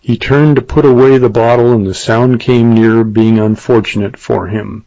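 A man's voice: medium pitch, steady tone, moderate pace, creaky, mellow. Man reading a western story aloud. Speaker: audiobook narrator. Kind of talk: scripted narration. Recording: dull lo-fi dry recording.

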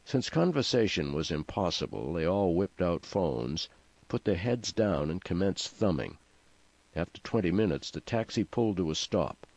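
A man reading a comic novel aloud as narrator, in a dry, even delivery. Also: sits low, normal speed, gravelly, no room sound. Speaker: audiobook narrator. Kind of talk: scripted narration.

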